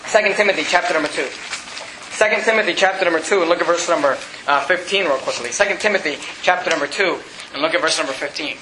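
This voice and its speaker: A man pastor preaching a sermon with emphatic repetition, reading scripture slowly and deliberately. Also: a little high, roomy sound, noisy background. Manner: emphatic preaching, repeats scripture references, reads King James verses slowly. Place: church.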